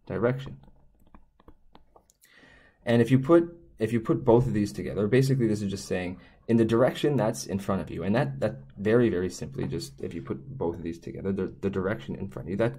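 A Korean language teacher with a low, warm voice explains Korean signs in a casual lesson. He rambles, corrects himself, restarts often and drifts onto tangents.

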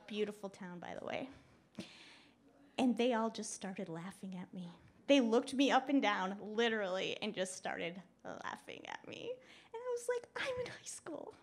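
A woman telling a story on stage at a live show, chatty and animated, laughing often and using lots of "like" and "you know". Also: medium pitch, moderate pace. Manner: laughs often while talking. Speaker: guest speaker. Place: live show at a club venue.

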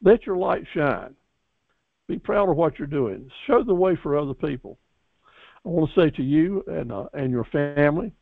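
A man with a somewhat high voice coaches his class in a folksy, encouraging way, often restarting and repeating himself. The sound is thin and tinny, like a phone line, and dry, with no room echo. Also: vocal fry. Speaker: business course instructor. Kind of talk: graduation lecture to a class.

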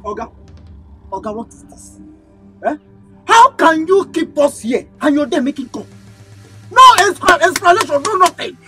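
Actress as a scolding Nigerian passenger: very high, mocking; strong music bed. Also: female voice, animated, normal speed, long pauses, bright, forceful tone. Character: fed-up, mocking keke passenger. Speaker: keke passenger. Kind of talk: Nollywood film acting.

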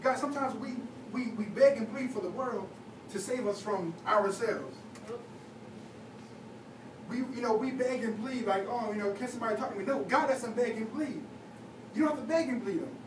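A man's voice: very high voice, lively intonation, measured pace, pauses often. A young man, a youth leader, preaching a sermon in a casual, conversational way with lots of fillers. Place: church hall. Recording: echoey church hall, taped from far off with noise.

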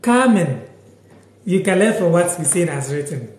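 A man's voice: sits high, animated, moderate pace, reverberant. A man with a Ghanaian accent teaching a casual live-stream language lesson, repeating words and reading out viewer comments.

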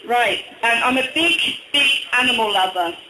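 A man with a slight northern English accent, from Durham, doing a hesitant stand-up comedy set full of ums and deadpan one-liners. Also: extremely high pitch, normal speed, background noise. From Durham, England. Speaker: stand-up comic. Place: small bar venue, indoors. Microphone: phone recording from the audience. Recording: echoey bar, phone-recorded.

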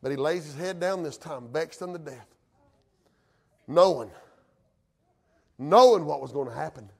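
A man's voice: fairly high pitch, lively intonation, a little slow, gravelly, husky. A male pastor, preaching a sermon in a folksy way that rises to fervent emphasis.

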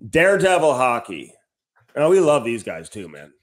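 This man's mid-range voice swings widely in pitch while keeping a moderate pace. As a podcast co-host, he moves between easygoing chat and sponsor reads, dropping "man" often in a breezy way.

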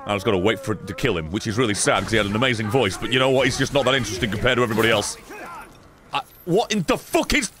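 Excitable man commentating gameplay. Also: fairly low pitch, rapid-fire, crowd noise. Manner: excitable, bursts of laughter and shouting, swearing. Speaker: gaming streamer.

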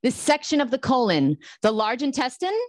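A woman hosting a casual quiz chat, excitable and quick to exclaim. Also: high-pitched, no room sound, clean studio sound. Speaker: show host.

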